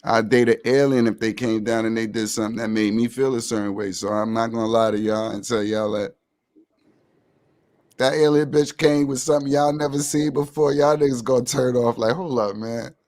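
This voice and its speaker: A man trading jokes in relaxed podcast banter. His voice sits in a middle register and sounds close and dry, with no room around it. He laughs at his own lines and talks loud and loose. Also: medium pitch, a little fast, no room sound. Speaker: podcast co-host. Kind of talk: casual banter.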